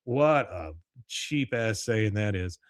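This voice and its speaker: A man's voice: on the low side, slow pace, no room sound, clean studio sound. Man animatedly retelling a cartoon episode. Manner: animated retelling, quoting characters with laughs. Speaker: podcast host. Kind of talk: casual recap of a cartoon episode.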